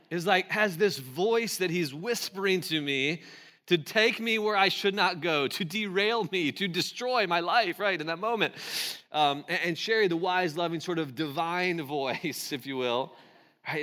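A pastor in his forties tells a story from the pulpit. His voice is bright and a little high for a man. He laughs often and acts out the other people's lines. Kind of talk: storytelling sermon.

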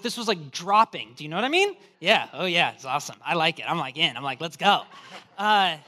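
A man preaching a sermon as pastor, telling a humorous story in an animated, joking way. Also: high voice. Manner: animated, joking storyteller, acts out quoted voices.

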